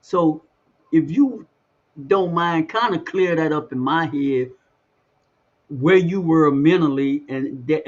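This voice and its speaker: A man hosting an interview, asking his question in a halting way while he searches for words. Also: fairly high pitch, dull audio. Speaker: host.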